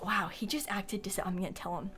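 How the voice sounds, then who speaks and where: A woman's voice: medium pitch, steady tone, fairly quick, a bit bright, slightly rough, faint music behind. A young woman hosting a gaming stream at home, chatting in a playful, dramatic, teasing way. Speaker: streamer host. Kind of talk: casual chat while gaming.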